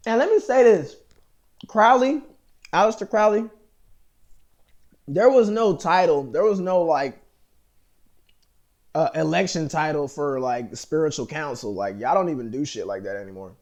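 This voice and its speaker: American male vlogger, slightly higher voice, loose rambling monologue packed with fillers and cursing. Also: a little mellow, lo-fi sound. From United States. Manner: profane, rambling, heavy with fillers and restarts.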